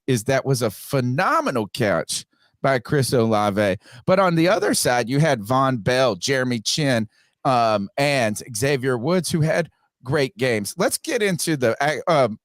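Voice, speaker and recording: A man's voice: medium pitch, dry recording, clean studio sound. A man hosting a casual sports podcast, reading out viewer donations and giving blunt opinions with frequent restarts. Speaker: podcast host.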